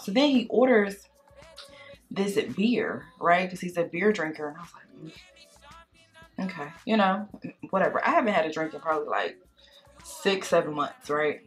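A woman vlogger chatting casually while doing makeup, telling a date story in a sassy, animated way and calling the listener girl and baby. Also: on the low side, fairly quick, faint music behind. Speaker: beauty vlogger. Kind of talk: casual storytime chat during makeup tutorial.

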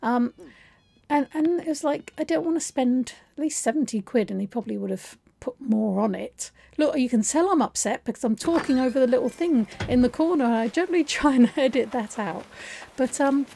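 A woman's voice: high voice, lively intonation, fairly quick, vocal fry, warm tone, slightly rough, no echo. A woman hosting a let's play, telling a story in a chatty, rambling, self-deprecating way. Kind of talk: casual storytelling over gameplay.

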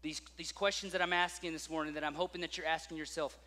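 A man preaching a sermon as pastor, telling stories with lively acted-out voices. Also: fairly high pitch, fast talker, in a large hall. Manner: animated storytelling with acted-out voices.

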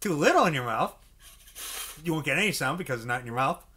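Man, music teacher, fairly high voice, animated, checks in with "okay?" a lot. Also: fast, slightly rough. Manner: checks in often with "okay?" and acts out mouth sounds. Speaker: saxophone teacher. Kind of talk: instructional music lesson.

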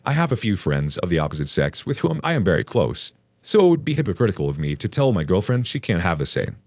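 A man narrating a forum relationship story aloud in a wry, animated storytelling manner. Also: deep voice, fast talker, no echo. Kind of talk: scripted narration of a forum post.

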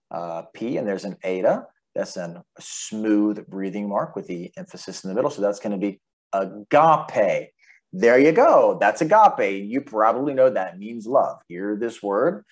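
A man giving a relaxed, chatty video lesson on the Greek alphabet, spelling out letters and their sounds. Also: on the low side, moderate pace. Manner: sings the alphabet in a plain untrained voice. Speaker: Greek teacher.

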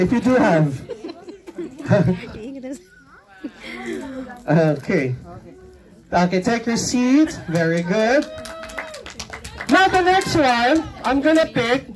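A woman's voice: on the high side, darkish tone. A woman hosting a children's game at a film premiere, coaxing kids up and counting aloud. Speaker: event host. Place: film premiere event venue.

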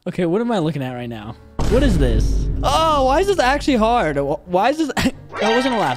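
A man's voice: very high voice, wildly swooping pitch, brisk, music in the background. A man hosting a reaction video, chatting casually, exclaiming often and holding back laughter.

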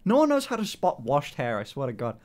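A British man in a casual live-stream chat, talking in an animated way, swearing a lot and laughing often. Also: on the high side, a little fast.

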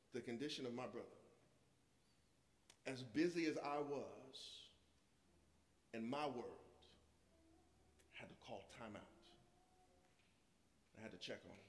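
A man, preaching a sermon through personal stories, swinging between loud passages and hushed ones. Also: mid-range voice, slight background noise. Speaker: guest preacher. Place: church sanctuary. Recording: echoey church hall with long reverb.

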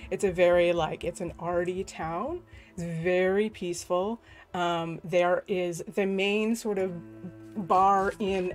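Chatty woman game master on a call. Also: medium pitch. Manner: chatty, laughs often, apologetic asides. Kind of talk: casual chat while running a tabletop game. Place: online group video call. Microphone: home computer mic on a video call.

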